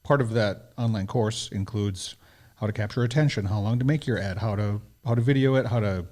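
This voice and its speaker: A man co-hosts a podcast in relaxed conversation and mostly answers with short, agreeable replies. His voice sits a little below average in pitch. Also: a little fast. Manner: brief, agreeable back-and-forth. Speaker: podcast co-host. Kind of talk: casual chat.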